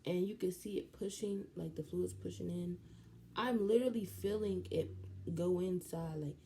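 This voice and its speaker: A young woman, telling a story in a casual vlog, animated and slangy. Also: fairly low pitch, moderate pace, slight background noise. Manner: animated, slangy, jumps into quoted voices. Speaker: vlogger.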